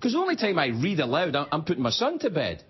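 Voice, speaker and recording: With a slightly high, breathy voice that leaps wildly in pitch, this talk show host rattles off a jokey late-night monologue, doing character voices in the quoted bits. The audio from the studio is dull broadcast sound dominated by a loud, laughing live audience.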